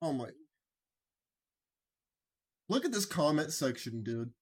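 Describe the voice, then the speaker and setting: A man's voice: a little high, big pitch swings, takes it slowly. A man giving mocking, incredulous reaction commentary on videos, often emphatic and raising his voice.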